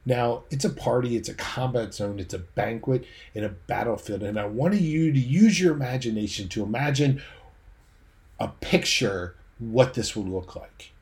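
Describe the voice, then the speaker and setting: A male preacher delivering a sermon, guiding listeners through scenes he paints in detail. His voice sits at an ordinary middle pitch for a man. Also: lively intonation, normal speed, darkish tone. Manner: vivid storytelling, draws listeners into imagined scenes.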